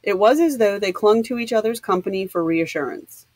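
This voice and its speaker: A woman reading a novel aloud in an even, measured narration. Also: medium pitch, no room sound, rough recording. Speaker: audiobook reader.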